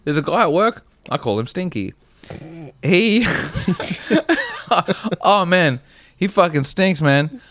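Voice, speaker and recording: A man's voice: a little high, expressive, slow pace, pauses often, a bit bright, no room sound, clean studio sound. A young Australian man co-hosting a comedy podcast, telling rambling, profane stories in casual chat. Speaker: podcast co-host.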